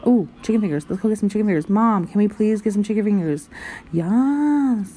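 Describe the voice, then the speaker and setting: A woman's voice: mid-range voice, animated, a little fast, warm tone. A woman vlogger giving goofy, sing-song commentary while playing a driving game. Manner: silly, giggly, sing-song rambling.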